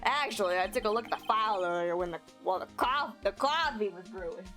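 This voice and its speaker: A woman doing a gruff New York detective. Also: mid-range voice, lively intonation, fast, fairly bright tone, faint music behind, close to an everyday voice. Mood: worried. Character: gruff male police detective, loyal and earnest.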